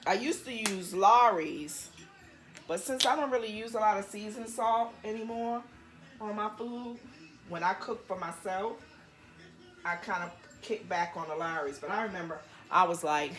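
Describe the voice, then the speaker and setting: A woman's voice: medium pitch, normal speed, fairly bright tone, roomy sound, faint music behind. A woman vlogger cooking in her home kitchen, chatting playfully to viewers with laughing asides. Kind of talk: casual cooking demonstration.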